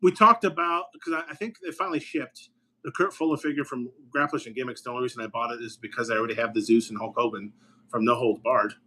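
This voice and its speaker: A man co-hosting a podcast, talking in quick, joking, sarcastic tangents. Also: mid-range voice, sharp tone, slightly rough. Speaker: podcast co-host. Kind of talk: casual chat.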